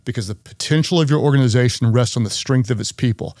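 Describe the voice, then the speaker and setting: A man's voice: mid-range voice, quick pace, a little mellow, no room sound, studio quality. Earnest man coaching on leadership. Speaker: leadership podcast host. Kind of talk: conversational teaching.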